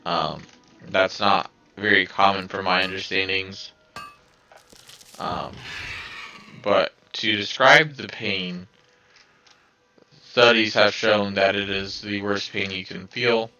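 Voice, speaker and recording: Scratchy-voiced male vlogger, low and bright-toned, hesitant delivery with lots of fillers. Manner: hesitant, many fillers and restarts. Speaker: video creator. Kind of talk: casual vlog talk to viewers.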